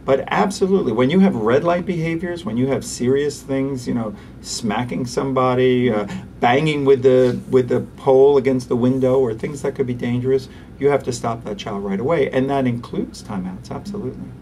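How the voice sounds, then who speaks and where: A man, a pediatrician, giving an interview and explaining parenting techniques in an animated way, acting out parents and kids. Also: mid-range voice, fairly quick, hardly any pauses, recorded from a distance, a little hiss or hum. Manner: animated, acts out parents and children.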